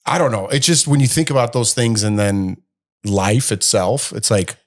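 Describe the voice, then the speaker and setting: A man's voice: on the low side, normal speed. A man co-hosting a podcast, musing and speculating in a rambling, casual chat. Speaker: podcast co-host.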